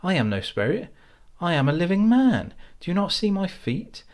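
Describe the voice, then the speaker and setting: A man's voice: sits high, sing-song, normal speed, voice pushed up. A man voicing an earnest young fisherman who grows frightened and pleads. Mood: alarmed, pleading. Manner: pleading, rising with alarm.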